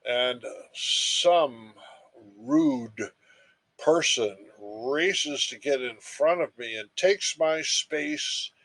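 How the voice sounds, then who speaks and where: Slow, emphatic male lecturer. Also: medium pitch, animated, fairly bright tone. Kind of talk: recorded lecture.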